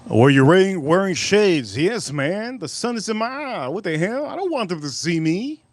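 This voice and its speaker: A man hosting a live stream outdoors at a barbecue, chatting casually and rambling through animated stories. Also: sits high, normal speed, no room sound.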